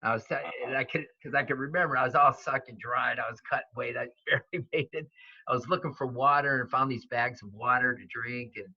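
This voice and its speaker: A man in his fifties, a wrestling coach, telling stories in an interview, animated and full of fillers and restarts. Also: medium pitch, no echo. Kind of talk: storytelling interview. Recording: dull lo-fi sound, dry.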